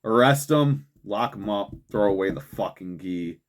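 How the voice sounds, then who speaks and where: A man's voice: on the low side, expressive, unhurried. Young male show host; heated, profane ranting, casual "dude" fillers. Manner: profane, heated, swearing constantly; frequent fillers like "man" and "dude". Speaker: host of a political commentary show. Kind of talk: angry ranting commentary.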